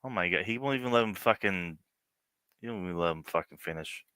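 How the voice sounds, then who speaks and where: A man's voice: low-pitched, fast, bright, forceful tone, smooth, no room sound. A man streaming live, reacting to a news clip with profane, sarcastic commentary and laughing asides. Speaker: livestream political commentator.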